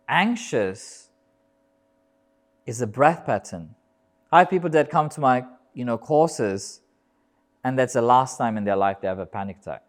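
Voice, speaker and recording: A man giving a talk as a yoga teacher, emphatic, building rhythmic lists and swearing casually. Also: mid-range voice. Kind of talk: live motivational talk. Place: yoga festival talk, indoors.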